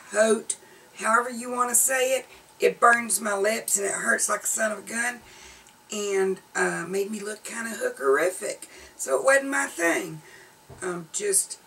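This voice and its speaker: Middle-aged Southern woman, gravelly edge, blunt and chatty, a little far from the camera mic. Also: medium pitch, fairly bright tone. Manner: chatty, blunt, laughing asides. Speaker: beauty vlogger. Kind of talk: casual product review. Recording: slightly distant camera audio with faint room noise.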